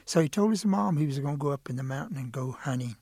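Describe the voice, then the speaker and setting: A middle-aged male storyteller with a husky, slightly high voice tells a folk tale in plain, steady words. The recording is close and dry. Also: fast, no echo. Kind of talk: oral storytelling.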